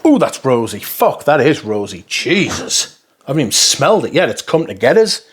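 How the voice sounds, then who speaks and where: A man's voice: medium pitch, big pitch swings, moderate pace, breathy edge. A man giving casual, rambling first impressions of fragrances, blunt and full of swearing. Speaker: fragrance reviewer.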